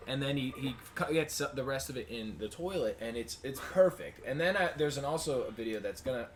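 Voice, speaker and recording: A young man co-hosting a podcast, telling stories in a casual, profane, animated way and jumping loud for the parts he quotes. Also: medium pitch, a little fast. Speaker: podcast co-host. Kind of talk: casual storytelling chat. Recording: amateur podcast audio with faint noise.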